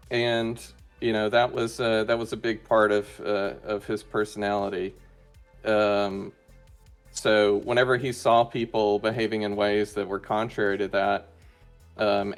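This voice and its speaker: A man being interviewed as a guest in casual chat, talking hesitantly with many fillers and restarts. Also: fairly low pitch. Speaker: interview guest, roleplay player.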